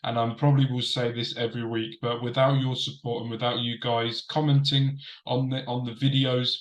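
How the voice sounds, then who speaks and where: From behind a desk, a man hosts a casual wrestling review show, talking directly to a desk camera and repeating himself for emphasis. His medium-pitched voice is flat and fairly quick, and the audio is roomy and poor.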